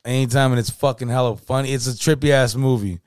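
A man with Bay in casual podcast chat, animated and swearing freely. His pitch sits in the middle range. The sound is dry and close to the mic. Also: fast talker, clean tone, dry recording. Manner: animated, swearing, repeats "you know what I mean". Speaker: podcast co-host.

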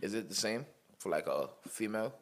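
Low-voiced man asking questions. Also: animated, fairly quick. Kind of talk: casual chat.

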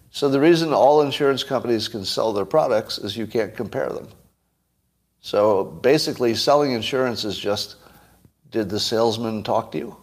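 A man's voice: mid-range voice, moderate pace, a little mellow. A man hosting a solo commentary monologue, blunt, sarcastic and emphatic. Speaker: host.

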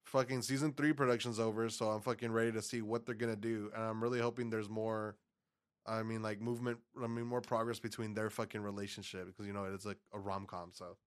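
Excitable swearing man chatting. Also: lowish voice, fast talker, smooth. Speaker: podcast co-host. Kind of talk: casual chat.

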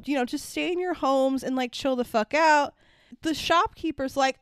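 A woman's voice: high voice, moderate pace, no echo, clean studio sound. A young adult woman co-hosting a podcast, chatting casually and sarcastically about a movie, swearing and acting out lines. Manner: animated, sarcastic, swears freely, acts out quotes. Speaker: podcast co-host. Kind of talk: casual movie review chat.

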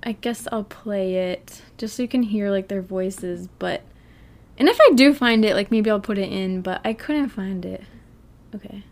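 A woman's voice: medium pitch, normal speed. A woman hosting a chatty podcast, talking casually and often laughing as she reads a transcript aloud. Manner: animated, laughs often while reading. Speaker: podcast host.

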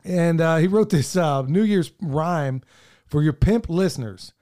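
A man's voice: fairly high pitch, unhurried, dark tone. A middle-aged man, co-hosting a podcast in earnest, rambling casual chat, his voice wearing thin. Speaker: podcast co-host.

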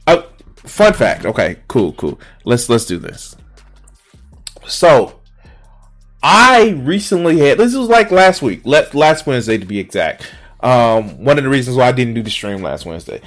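A man streaming a reaction, ranting with sarcasm and profanity, swinging from low mutters to loud outbursts. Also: expressive, moderate pace, faint music behind. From Chicago area.

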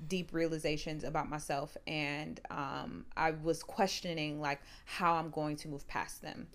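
A woman's voice: low voice, flat delivery, unhurried, a bit bright. A young woman co-hosting a podcast, speaking casually and emphatically, often punctuating with "period.". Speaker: podcast co-host. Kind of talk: casual chat.

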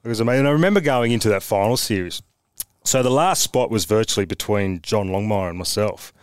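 A man's voice: on the low side, a little fast, clean tone, dry recording. Dry-voiced Australian man telling blunt stories. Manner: animated, blunt anecdotes with mild swearing. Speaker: podcast guest, former footballer. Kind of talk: casual storytelling chat.

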